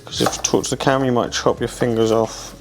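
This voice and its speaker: A man, talking loosely while he cooks in his home kitchen. He rambles, swears freely and mocks himself. His voice sits in an ordinary middle pitch. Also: level tone, fast talker, background noise. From England. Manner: sweary, rambling, self-mocking. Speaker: pro fighter cooking on his channel. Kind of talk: casual cooking vlog chat.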